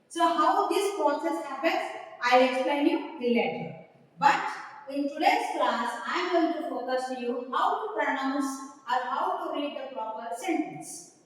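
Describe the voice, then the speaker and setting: A woman with an Indian English accent, lecturing as a communication trainer, explaining step by step with examples and questions to her students. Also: sits high. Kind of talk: classroom lecture. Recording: echoey hall, voice from far off.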